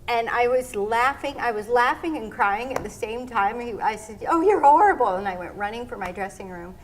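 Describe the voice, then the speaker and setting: Middle-aged woman guest, higher pitch, animated storyteller. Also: moderate pace, a little hiss or hum. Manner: animated storyteller, acts out quotes. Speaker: interview guest, former pro skater. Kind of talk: casual storytelling interview.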